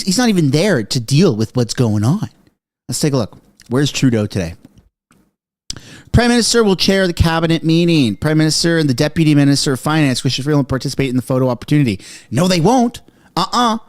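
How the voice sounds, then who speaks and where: A man hosting a political commentary stream, reacting excitedly to news clips, swearing and joking, wired on coffee. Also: a little high.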